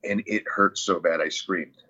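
A man's voice: low voice, fairly even intonation, measured pace, bright, forceful tone, husky. A man recounting a hospital stay in a casual, rambling way, with many fillers and restarts. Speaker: interview guest, CrossFit athlete. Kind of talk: casual storytelling. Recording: muffled lo-fi audio.

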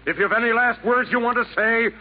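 A vain, boastful Nero sent from hell. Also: male voice, very high voice, a little fast. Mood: swaggering. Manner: theatrical, rhyming bluster with sudden swings. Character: vain boastful emperor Nero, a devil's hired killer. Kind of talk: 1940s radio acting. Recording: tinny 1940s radio broadcast with faint hiss.

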